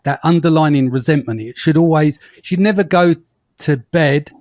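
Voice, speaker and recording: A man's voice: fairly high pitch, moderate pace, darkish tone. A man hosting an interview, blunt and swearing, often asking for agreement. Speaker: podcast host. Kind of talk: casual interview talk.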